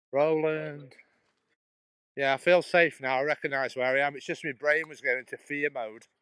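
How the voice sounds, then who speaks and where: A middle-aged man from England live-streams his outdoor canal walk, talking to viewers through a handheld phone in a Stoke-on-Trent Potteries accent with dropped H's. Chatty and rambling, he laughs and keeps restarting phrases. His mid-range voice is steady, brisk, pushed and bright yet clean in tone, with no echo on a rough recording.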